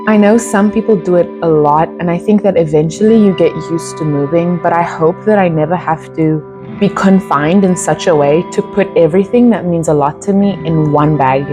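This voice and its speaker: A young woman with a South African accent chats through a casual storytime vlog, rambling and circling back with plenty of fillers. Her voice sits a little low for a woman. Faint music plays softly behind her. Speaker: vlogger.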